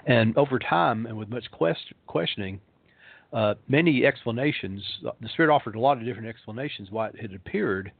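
Man, pastor telling ghost lore, lots of uhs, mid pitch, tinny phone sound. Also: a little fast, vocal fry, breathy edge, no echo. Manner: rambling, many ums and uhs. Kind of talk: storytelling on a talk show.

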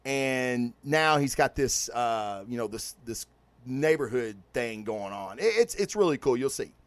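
A man hosting a casual podcast, reviewing a movie and comics in an excited, profane, rambling way with many restarts. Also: medium pitch, unhurried, dry recording. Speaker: podcast host.

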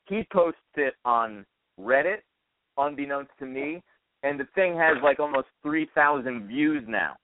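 A man's voice: mid-range voice, animated, a little slow. Man, from the US, casual podcast host, swears a lot, wry, phone-line sound, no room echo. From United States. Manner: swears freely, reads comments aloud with wry asides. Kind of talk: casual chat over the phone. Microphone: phone call. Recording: dry, tinny phone line.

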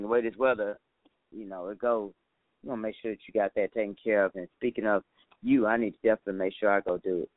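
A man's voice: on the low side, dry recording. A man hosting his own talk show in a casual, folksy monologue, chatting to listeners and calling them honey, a little tired. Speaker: show host. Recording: tinny phone-like line, dry.

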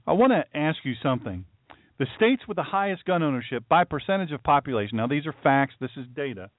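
Male talk radio host, animated pitch swings, hammering rhetorical questions; tinny, dry phone-like sound. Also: fast talker, no room sound. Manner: heated, repetitive, rhetorical questioning. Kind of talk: political commentary monologue.

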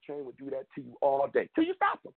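A man's voice: medium pitch, huge pitch swings, fast talker, vocal fry. A man hosting a sports show, ranting in frustration, emphatic and rambling, often repeating himself. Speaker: sports podcast host. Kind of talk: heated sports rant. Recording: phone-like narrow audio.

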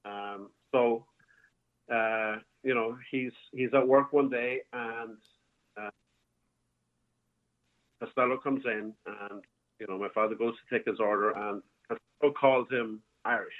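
Guy telling an old bar story on a phone call, sounds tinny, mid pitch, lots of restarts. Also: fairly even intonation, unhurried, long pauses. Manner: rambling, with many restarts and fillers. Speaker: bar owner guest. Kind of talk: casual storytelling. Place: home, calling in by phone.

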